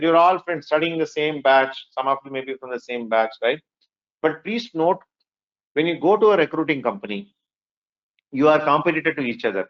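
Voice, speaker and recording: A man with an Indian English accent giving a lively classroom lecture, often asking the students "right?" and whether they agree. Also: on the high side, dull audio. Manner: lively, mixes in Hindi phrases. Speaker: workshop instructor.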